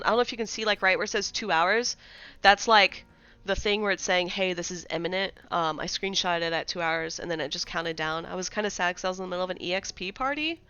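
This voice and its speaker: A woman's voice: on the low side, quick pace, bright, forceful tone, smooth, dry recording, muffled recording. A woman streaming live, chatting casually about game updates and greeting viewers in chat.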